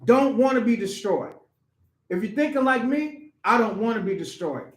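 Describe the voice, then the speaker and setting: High-voiced, animated male preacher. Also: normal speed. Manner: animated, asks the congregation questions, laughs often; colloquial, repeats key phrases for emphasis. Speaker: preacher teaching scripture. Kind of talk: informal sermon teaching. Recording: echoey room.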